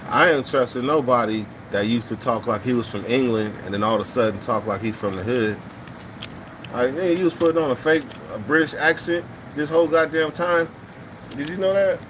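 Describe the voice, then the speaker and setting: A man's voice: mid-range voice, brisk, noisy background. Blunt, profane man hosting a live chat. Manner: blunt, profane, repeats his points. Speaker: live show host reading viewer comments. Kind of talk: casual opinionated livestream talk.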